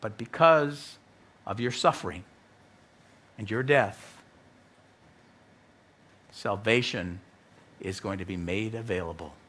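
A male pastor voicing a solemn divine father in a low, grave, measured way. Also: fairly bright tone. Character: solemn, stern divine father, speaking with authority.

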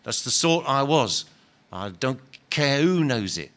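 A self-righteous male ghost, put on by a man reading a story aloud, sounds indignant and stubborn. His talk is blunt and ungrammatical, full of grievance. The voice sits somewhat higher and pushier than the reader's own. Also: sing-song, measured pace, a bit bright. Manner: indignant, insistent, ungrammatical working-class talk. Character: bitter aggrieved male ghost, former workman, self-righteous. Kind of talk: dramatic reading of a novel.

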